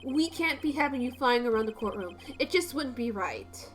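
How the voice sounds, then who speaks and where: An earnest young male defense lawyer voiced by a woman protests nervously in a slightly lowered voice. He sounds flustered and quick to object, a figure in a game dub. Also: big pitch swings, faint music behind.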